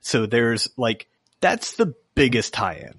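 Podcast co-host, eager and emphatic, dry room. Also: male voice, medium pitch, very animated, takes it slowly, fairly bright tone, slightly rough, no echo. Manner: enthusiastic, emphatic recommending. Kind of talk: casual chat.

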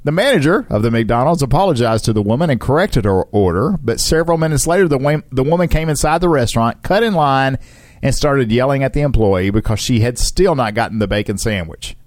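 Animated man reading news headlines. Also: mid-range voice, brisk, no room sound, studio quality. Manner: animated, laughs often, reads headlines with playful asides. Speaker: radio co-host reading news. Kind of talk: joking radio banter.

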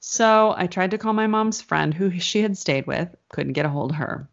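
A woman's voice: on the low side, moderate pace, vocal fry. A woman telling a story in a casual chat, rambling and full of "like" fillers. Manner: rambling, filler-heavy, animated retelling. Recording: slightly dull lo-fi sound.

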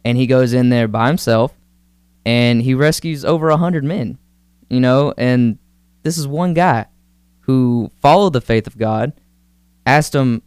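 Male co-host, rambling storyteller, crisp resonant voice. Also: mid-range voice, measured pace, pauses often, no room sound. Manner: rambling storyteller, animated retelling. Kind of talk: casual Christian discussion.

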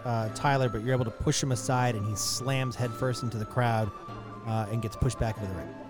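A man's voice: mid-range voice, steady tone, fairly quick, music in the background. Man narrating as game master. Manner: casual, easygoing narration with fillers.

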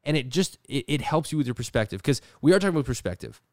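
A man's voice: medium pitch, very animated, very fast, no room sound, clean studio sound. A man hosting a podcast, talking casually and rambling with lots of "like", often acting out quoted voices. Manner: rambling, filler-heavy with frequent "like". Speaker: podcast host. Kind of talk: casual chat. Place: his studio.

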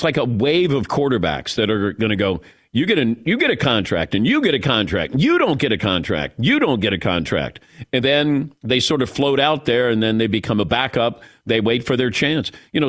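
Lively-voiced sports radio host, man. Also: medium pitch, no echo, studio quality. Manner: conversational, joking, quick asides. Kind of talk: casual sports talk radio. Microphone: studio broadcast mic.

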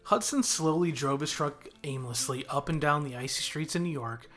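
A man reading a story chapter aloud as a guest narrator, in a steady, measured way. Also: fairly high pitch, soft background music. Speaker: guest reader. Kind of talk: audiobook narration.

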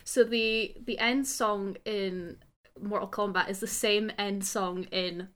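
A woman's voice: mid-range voice, steady tone, slow, fairly bright tone. Playful young woman podcast co-host. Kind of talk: casual film chat.

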